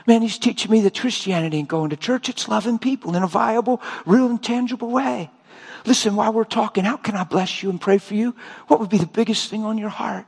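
An older man preaching a sermon, telling stories and acting out both sides of conversations with lively, emotional delivery. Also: high-pitched, quick pace, creaky, husky, big-room sound. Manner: animated storytelling, acting out dialogue.

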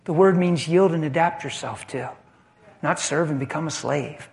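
Male preacher, sermon, impassioned, animated, high voice. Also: measured pace, creaky, pauses often.

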